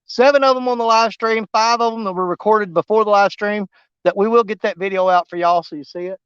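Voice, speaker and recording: A high-pitched man rambles folksily to his viewers while he fishes outdoors. His voice is smooth and clear, and he sounds winded. The sound is dry and a bit dull. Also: a little fast, a bit bright, no room sound. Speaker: fishing vlogger. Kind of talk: live-stream fishing chat. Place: outdoors at a riverbank.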